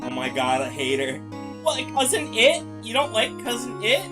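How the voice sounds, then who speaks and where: Streamer, playful live game commentary, animated voice, music in the background. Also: mid-range voice, normal speed. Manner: laughing, loud joking outbursts. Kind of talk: live let's-play commentary.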